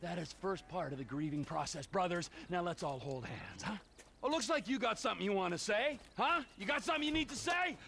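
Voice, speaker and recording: In a video game, an actor plays a volatile, unhinged middle-aged criminal, his gravelly male voice sitting high and swinging between taunting, mocking menace and shouting. The heavily acted, expressive delivery runs a little fast, with slight background noise.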